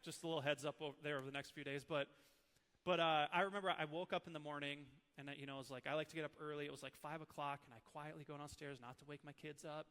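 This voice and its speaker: A Minnesota preacher in his thirties teaches through animated, emotional personal stories. His voice is fairly high, smooth, and fast, with a big-room sound.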